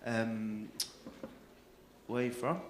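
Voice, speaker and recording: A young man with a North-West English accent doing loud, sweary crowd-work banter as a comedy club compere. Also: fairly low pitch, steady tone, takes it slowly. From England. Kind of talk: live stand-up crowd work. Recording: echoey club room with crowd noise.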